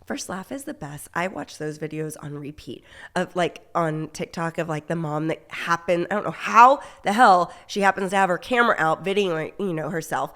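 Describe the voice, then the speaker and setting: A woman in her thirties chats as a podcast co-host, telling quick stories about her kids. Her pitch moves a lot, rising and falling as she talks. The tone stays relaxed and conversational. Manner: chatty, animated storytelling. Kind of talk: casual chat.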